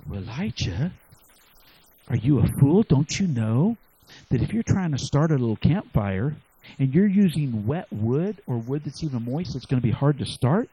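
A man's voice: sing-song, moderate pace, dark tone, husky, no echo, dull audio. A man voicing a group of frantic pagan prophets who plead with their idol and mock their rival. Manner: high, pleading, mocking.

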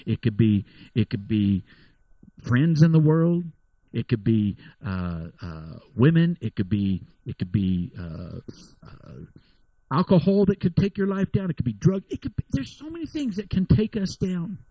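A man preaching a sermon, telling stories and building to loud, emphatic exhortation. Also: medium pitch, sing-song, measured pace, no echo, highs cut off.

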